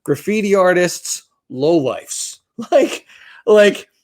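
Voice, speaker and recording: A man's voice: sits high, lively intonation, takes it slowly, a little mellow. A man in his fifties co-hosting a podcast, telling a long story in a rambling, profane, self-deprecating way. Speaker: podcast co-host.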